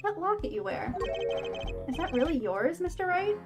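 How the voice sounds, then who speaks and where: A woman's voice: very high-pitched, big pitch swings, normal speed, voice pushed up, exaggerated voice. A woman reading the lines of an earnest, nervous young male rookie lawyer, eager and unsure of himself. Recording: game music playing behind.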